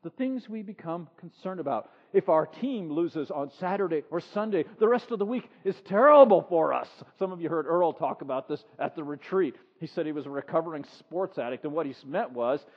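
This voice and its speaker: A man with a high voice delivers a sermon, pressing his point through repetition and pointed rhetorical questions. His voice carries a long echo through a church hall. The recording sounds dull and lo-fi. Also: animated, fairly quick, few pauses. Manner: emphatic preaching with repeated phrases and rhetorical questions. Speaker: pastor.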